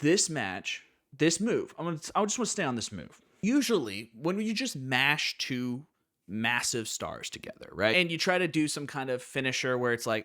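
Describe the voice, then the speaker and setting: A man's voice: mid-range voice, animated, normal speed, sharp tone, dry recording, studio quality. A young American man hosting wrestling commentary, opinionated and sarcastic, riffing with mock quotes. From United States. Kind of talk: opinionated live-stream commentary.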